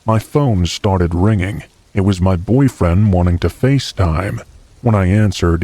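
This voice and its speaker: Low dark guy narrating a scary story, calm and even, dry sound. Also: no echo. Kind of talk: scripted narration.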